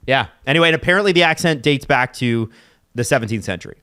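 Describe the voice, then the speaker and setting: A man's voice: medium pitch, expressive, fast, bright, forceful tone, clean tone, no echo, clean studio sound. A man hosting a podcast in a casual chat, often reading aloud from an article. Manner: reads aloud from an article, chatty. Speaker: podcast host.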